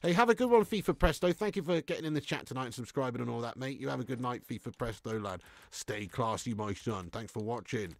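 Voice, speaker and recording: Brief: male streamer, animated pitch range, banter and swearing, reads chat aloud. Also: fast talker, few pauses, no echo. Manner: banter-heavy, swears freely, laughs often, slips into silly voices. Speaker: gaming livestream host. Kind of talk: casual live-stream chat, reading chat aloud.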